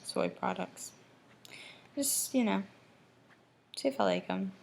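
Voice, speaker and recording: A woman's voice: mid-range voice, slow, gravelly, darkish tone, slight background noise, poor audio. A young woman from Michigan talking in a personal video diary, emotional and rambling, often restarting her sentences. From Michigan, USA. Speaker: vlogger.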